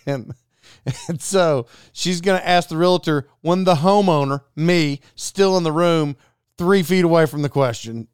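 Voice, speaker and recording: Male podcast host, slightly high, smooth voice, animated storyteller, dry close mic. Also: a little slow, no room sound. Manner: animated, acts out quoted dialogue. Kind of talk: casual storytelling monologue.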